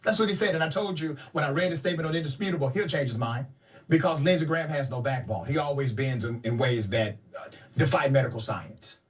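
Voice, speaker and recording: A man's voice: a little high, fast talker. A man co-hosting a podcast, giving political commentary in a wry, sardonic way. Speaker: podcast co-host. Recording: dull audio from a distant mic.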